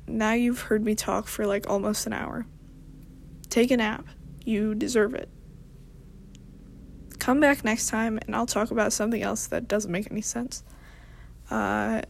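Woman with heavy vocal fry. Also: on the high side, unhurried, pauses often. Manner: rambling, deadpan self-mocking humor. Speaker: podcast host. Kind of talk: casual monologue.

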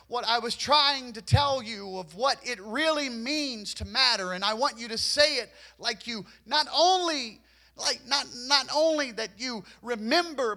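A man delivers a sermon in a church, his voice very high and bright with a sharp edge. He urges the congregation again and again, stumbling over doubled words as he builds his point. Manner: repetitive, urging, stammers on restarts. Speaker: preacher.

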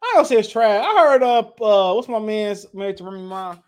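Man, podcast co-host, casual chat, higher pitch, blunt, laughs often. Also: brisk, clear, resonant tone. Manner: laughing, reads quotes aloud, blunt opinions.

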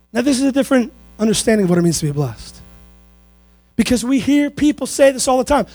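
A man in his thirties preaching a sermon, lively, often acting out what people say. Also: very high-pitched, fairly quick, no echo, faint music behind, low-quality recording. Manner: animated, acts out quoted people. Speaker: pastor.

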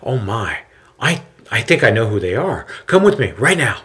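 An earnest, eager teacher, read by a male storyteller, whose voice rises and falls in lively swings. He exclaims readily and presses with questions. It is spoken as part of a narrated story. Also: medium pitch, moderate pace.

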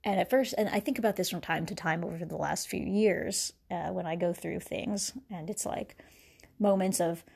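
Speaking at a moderate pace, this woman has a lowish, creaky, husky voice with a darkish tone. On her podcast she ponders spirituality aloud in a loose, rambling way. Her thoughts drift, punctuated by laughter, fillers, and frequent restarts.

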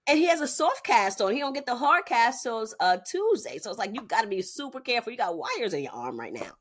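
A woman's voice: fairly high pitch, fast talker. A woman in her thirties cohosting a podcast, telling family stories in casual chat with lots of laughter. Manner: animated storytelling, frequent laughter.

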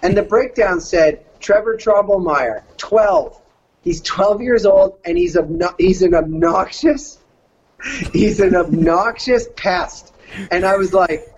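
A man's voice: sits high, slow, lo-fi sound. A middle-aged man from Canada, a voice actor casually telling a story and slipping into surfer-dude voices.

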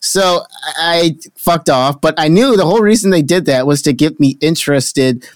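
A man's voice: fairly high pitch, normal speed, no room sound. Rambling, swearing young man, dry close mic. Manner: rambling, swears a lot, acts out what people said. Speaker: podcast co-host. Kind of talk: casual chat, telling a travel story.

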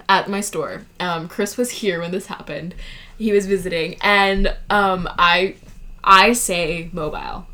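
A woman's voice: lowish voice, fairly bright tone. A woman with a Californian accent, a podcast guest chatting casually and giggling, with lots of fillers. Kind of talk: casual chat.

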